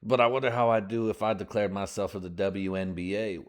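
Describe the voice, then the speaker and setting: Podcast host, man, 30s, lowish voice, loose profane rambler who laughs through his own jokes. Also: level tone, a little fast. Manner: rambling, joking, laughs often, swears a lot; breaks into put-on voices for bits. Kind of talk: crude casual monologue.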